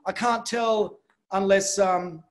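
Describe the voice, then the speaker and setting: A man's voice: high voice, steady tone, slow. A man hosting a live online show, chatty and joking, rambling with fillers. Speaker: host. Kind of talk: casual livestream hosting.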